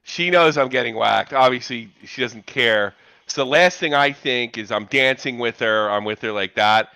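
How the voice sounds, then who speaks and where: A man's voice: medium pitch, moderate pace, bright, forceful tone, clear, resonant tone, dry recording. A man on a podcast, stammering and eager in casual chat.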